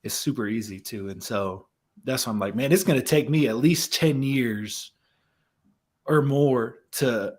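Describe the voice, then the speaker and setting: A man's voice: medium pitch, measured pace. A young man, a musician and guest, reflecting in a casual talk about faith and laughing easily.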